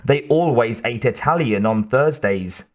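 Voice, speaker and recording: A male audiobook narrator reading in a measured, steady manner. His voice sits at an ordinary middle pitch. He takes the text at a slow, unhurried pace. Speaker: audiobook reader.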